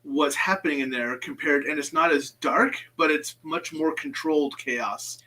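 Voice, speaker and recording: A man's voice: fairly high pitch, normal speed, sharp tone, rough recording. A man hosting a casual chat, passing on stories with frequent ums. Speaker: host.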